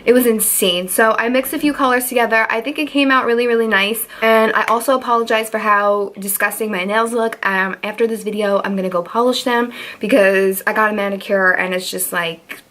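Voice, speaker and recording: A woman's voice: medium pitch, fairly even intonation, brisk, few pauses, fairly bright tone. A young woman hosting a casual makeup tutorial, chatting in a rambling way with lots of fillers. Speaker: beauty vlogger.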